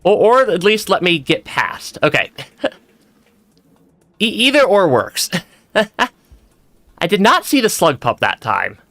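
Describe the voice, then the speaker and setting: A young man chats his way through a game with a bright, slightly high voice that bounces around a lot. He stumbles over words, restarts his sentences and laughs often. The sound is close and dry. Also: wildly swooping pitch, takes it slowly, gravelly, long pauses, no echo. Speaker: streamer. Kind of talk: casual let's-play commentary.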